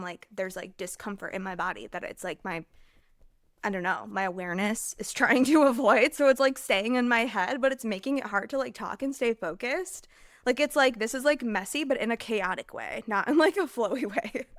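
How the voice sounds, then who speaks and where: A woman's voice: mid-range voice, fairly bright tone, dry recording. A young American woman talks her way through a casual solo podcast episode, rambling with plenty of filler words and restarts. She sounds overheated and a little scattered. The recording is close and dry, with no room sound. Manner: rambling and chatty, heavy filler use, self-interrupting. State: overheated, distracted. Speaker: podcast host.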